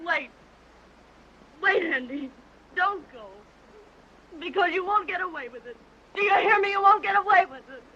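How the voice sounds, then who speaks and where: An actress playing a passionate, headstrong young heiress in a 1929 talkie, with a theatrical, emotional delivery. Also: female voice, very high-pitched, lively intonation, normal speed, pushed and bright, exaggerated voice. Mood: distraught. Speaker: film actress. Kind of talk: 1929 early talkie acting. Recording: muffled early sound film, faint score.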